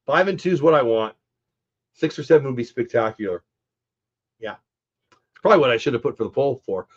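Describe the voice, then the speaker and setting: A middle-aged man hosts a casual post-game live stream, his voice stuffy and congested. He is chatty and upbeat, talking straight to the viewers in an ordinary mid-range pitch. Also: animated, a little fast, husky, dull audio.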